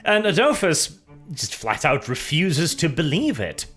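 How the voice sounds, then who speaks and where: A man narrates a story in a relaxed, chatty way, breaking off for jokey asides. His voice sits a little high and jumps around in pitch. Soft music plays in the background. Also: a little slow, husky. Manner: animated, jokey asides, laughs while telling. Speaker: lore storyteller.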